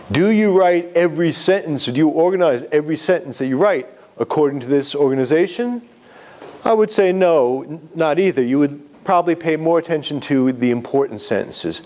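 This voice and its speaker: Man, lecture, slightly higher voice, conversational, quizzes the room. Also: darkish tone. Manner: conversational, self-correcting, asks the audience questions. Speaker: writing instructor. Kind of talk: lecture to students.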